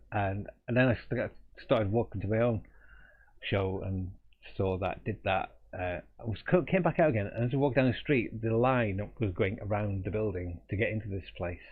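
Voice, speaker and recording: Brief: middle-aged male artist streamer, lowish voice, tinny phone-like sound, chatty rambling storyteller. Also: slightly rough. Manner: rambling, chuckling, restarts mid-sentence. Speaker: artist hosting a live drawing stream. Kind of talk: casual anecdotal storytelling.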